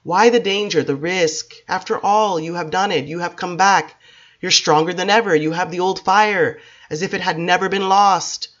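A woman voicing an earnest, gentle and wary male vampire who pleads in an even tone. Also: on the low side, normal speed, lo-fi sound. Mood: pleading.

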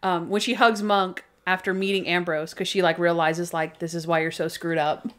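A woman co-hosting a podcast in casual chat, animated and laughing often as she retells favorite scenes. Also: fairly low pitch, moderate pace. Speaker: podcast co-host.

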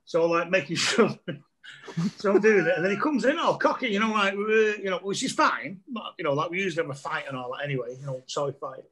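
A middle-aged man spins comic anecdotes in a casual podcast chat. His voice sits a touch high, and he breaks into laughter and mimics other people as he goes. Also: animated, fast talker, crowd noise. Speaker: comedian guest.

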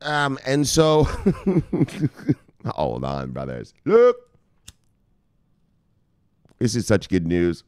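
Hosting a crypto news show, a man gives casual, profane commentary full of swearing, laughter, and playful asides. His voice is on the low side, clear, resonant, and darkish, with wildly swooping pitch and a slow pace. The clean studio recording has no room sound.

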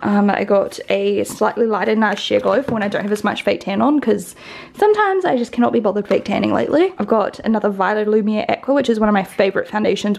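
Speaking from home, this young beauty vlogger from New Zealand has a medium-pitched, darkish voice with vocal fry. She rambles chattily, filling her speech with "like" and "um," and has a slight lisp; slight background noise is audible.

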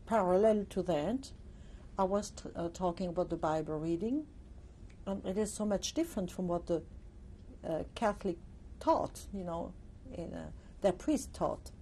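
An older woman from Alsace, giving a reflective testimony interview, pausing often with "uh" and "you see". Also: fairly low pitch, lively intonation, warm tone, slight background noise. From Alsace, France.

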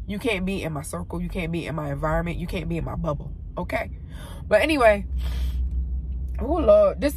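A woman talking to camera in her parked car, tearful and heartfelt, swinging between loud exclaiming and soft, near-whispered words. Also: mid-range voice, a little hiss or hum. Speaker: vlogger. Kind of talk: emotional faith vlog, talking to camera.

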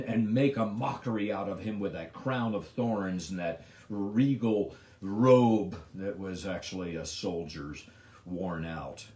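A middle-aged man gives a devotional Bible teaching in a low voice with a lively, animated melody. He swings between emphatic lines and hushed ones. The recording is roomy, with a noticeable echo. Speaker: pastor.

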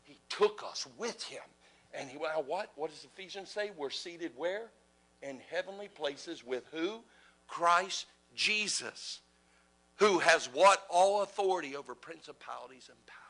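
A man preaching a passionate sermon, asking rhetorical questions and swinging between loud exclamations and hushed whispers. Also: on the high side, expressive, unhurried, poor audio. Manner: asks the audience rhetorical questions.

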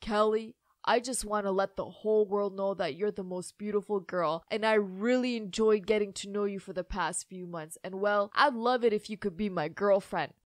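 A woman voicing a shy, earnest teenage boy in an animated story, speaking softly and hesitantly. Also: medium pitch, normal speed, hardly any pauses, no echo, clean studio sound, pitched below the performer's own voice, lightly acted.

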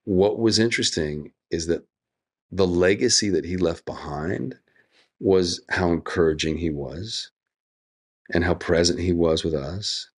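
A middle-aged man with a deep, low, husky voice speaks a little slowly as an interview guest. He comes across earnest and reflective, now and then breaking into lively quoted asides.

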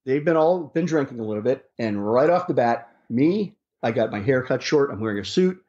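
A man's voice: medium pitch, lively intonation, fairly quick, darkish tone. A man working as a rideshare driver, telling stories in an interview in a rambling way, with many restarts and fillers. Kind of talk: casual storytelling in an interview. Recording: dull lo-fi sound.

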